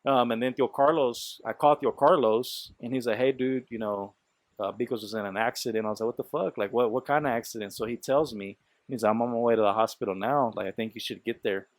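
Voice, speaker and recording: A man's voice: medium pitch, fairly even intonation, fast talker, no room sound. A man hosting a podcast, telling a story in loose casual talk, full of swearing, fillers and quoted speech. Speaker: podcast host.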